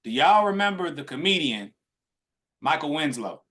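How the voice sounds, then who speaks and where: A man's voice: fairly high pitch, big pitch swings, moderate pace, bright, forceful tone. Rambling man on a podcast stream. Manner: rambling, with many restarts and trailing fillers. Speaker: podcast co-host. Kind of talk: casual chat on a live stream.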